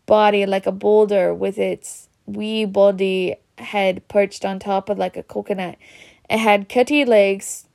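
A woman reading a children's story aloud in a steady way. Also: medium pitch, vocal fry. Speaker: reader.

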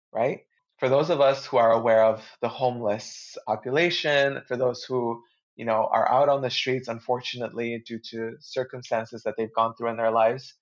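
A man's voice: medium pitch, lo-fi sound. A man talking as a guest astrologer in a casual podcast chat, earnest and heartfelt, with easy slang.

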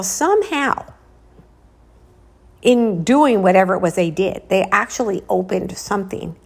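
A woman telling a spooky story casually while out walking, dropping to a hushed whisper at the tense parts. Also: medium pitch, gravelly. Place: outdoors, walking.

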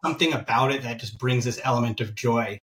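A man hosting a casual podcast interview, easygoing and full of quick filler affirmations. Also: mid-range voice, a bit bright, distant mic. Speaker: podcast host.

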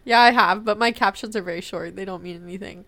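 A woman's voice: mid-range voice, fast, fairly bright tone. A young woman co-hosting a podcast, telling stories playfully with frequent laughs. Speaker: podcast co-host. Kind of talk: casual chat.

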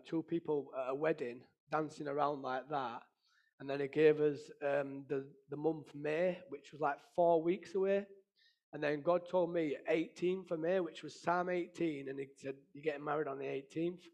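A man's voice: a little high, steady tone, moderate pace, darkish tone, muffled recording. A man, sharing an emotional personal testimony in an earnest storytelling manner. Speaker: testimony speaker.

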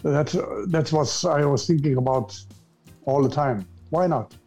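An older man from Iceland with an Icelandic accent, a retired newcomer actor speaking English as a second language in a casual interview, halting and repeating words as he searches for them. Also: on the high side, dark tone, faint music behind. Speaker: guest actor.

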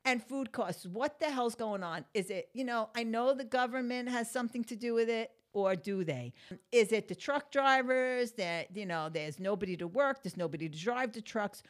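Female host with a slightly high voice, casual monologue, exasperated and profane. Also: normal speed. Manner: blunt, swears freely, ranting with rising exasperation; conversational, chatty with fillers. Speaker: podcast host.

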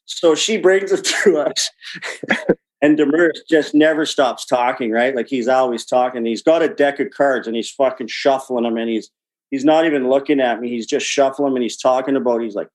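A man spins a meandering anecdote full of swearing and small laughs. His voice sits at a plain middle pitch. He talks as an interview guest looking back on his playing days. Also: normal speed, a little mellow, low-quality recording. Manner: rambling, profane, laughs mid-story. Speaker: guest, former hockey player. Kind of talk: casual storytelling.

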